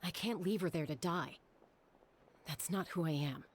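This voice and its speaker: An actress voicing a calm, stubborn young woman who answers in a dry, matter-of-fact way in a video game cutscene. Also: lowish voice, normal speed, a little hiss or hum, lightly acted.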